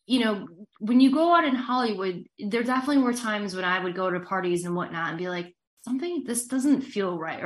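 A woman journalist on a livestream as a guest. She speaks haltingly and hesitantly, filling her sentences with "you know". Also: lowish voice, a bit bright. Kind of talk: livestream interview.

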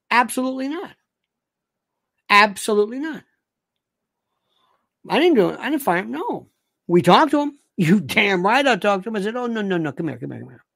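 A woman hosting a livestream, ranting animatedly and reading viewer comments aloud. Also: a little high. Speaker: livestream host. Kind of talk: casual livestream monologue.

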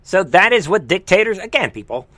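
A man's voice: high-pitched, sing-song, brisk, a bit bright, dry recording. A man hosting a live reaction commentary show, heated and scornful, with mocking asides. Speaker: political commentary host.

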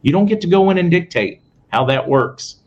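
A man hosting a casual live stream, reading posts aloud fast and adding sarcastic asides to his viewers. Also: fairly high pitch, lively intonation, a little mellow. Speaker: host. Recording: muffled audio with faint noise.

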